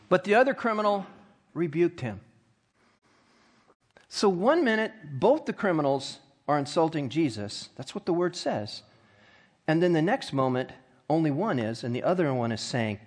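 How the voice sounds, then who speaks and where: A man with a high-pitched voice preaches a sermon in a church. He reads scripture aloud and acts out the mocking voices with fervor. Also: very animated, normal speed. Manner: reads scripture aloud, then acts out the mockers with rising intensity. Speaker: pastor.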